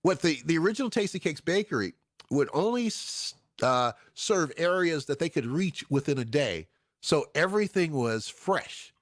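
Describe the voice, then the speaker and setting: A man's voice: a little high, normal speed, dry recording, studio quality. A man in his sixties from Chicago, hosting a show and telling stories casually, laughing often and restarting his sentences. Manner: animated, laughing, full of restarts. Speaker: show host. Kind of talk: casual storytelling.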